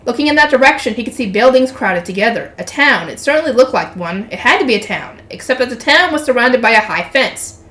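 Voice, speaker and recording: A woman's voice: a little high, lively intonation, brisk, bright, forceful tone. Woman reading a novel aloud, roomy sound. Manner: chatty asides, swears, laughs at herself. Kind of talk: reading a light novel aloud with casual commentary. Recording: roomy echo.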